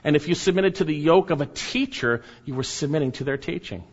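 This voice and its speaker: A man's voice: fairly high pitch, animated, brisk, breathy edge. Emphatic male preacher in a reverberant hall. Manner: emphatic preaching, repeats key phrases, swings between loud and soft. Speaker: pastor. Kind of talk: sermon. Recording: dull sound with long hall reverb.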